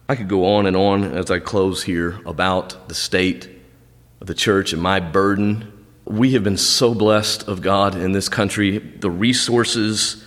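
A man's voice: fairly low pitch, normal speed, a bit bright, in a large hall. A male pastor preaching a sermon, quoting scripture with dramatic swings in delivery. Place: church sanctuary.

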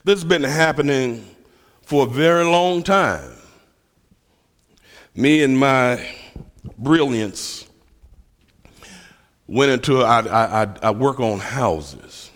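A man's voice: mid-range voice, lively intonation, takes it slowly, pauses often. Preacher, man, telling stories with a self-mocking humor; long hall reverb around him. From Memphis, USA. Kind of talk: sermon.

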